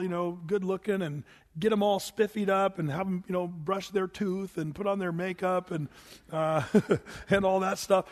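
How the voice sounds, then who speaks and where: A man's voice: high voice, steady tone, normal speed, long reverb tail. A man preaching a casual sermon, reading scripture and retelling a Bible story in a folksy way with many restarts.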